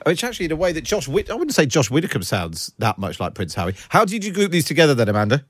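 Male radio host, rapid delivery, dry close sound, stumbling restarts. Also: on the high side, wildly swooping pitch, dry recording. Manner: quick, halting with many restarts. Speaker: radio presenter. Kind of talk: live radio talk show.

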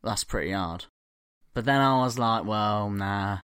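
A man's voice: lowish voice, animated, moderate pace, a bit bright, smooth, no echo, clean studio sound. Male podcast host, thirties, casual, rambling, swears a lot. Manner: rambling, laughing, swearing storyteller. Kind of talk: casual chat.

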